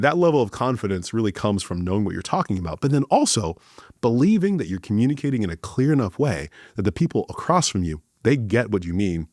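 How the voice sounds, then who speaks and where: Deliberate man with a dry, close sound. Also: fairly low pitch, big pitch swings, darkish tone, no echo. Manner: deliberate, emphatic, slows down for key points. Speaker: host. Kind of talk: leadership talk.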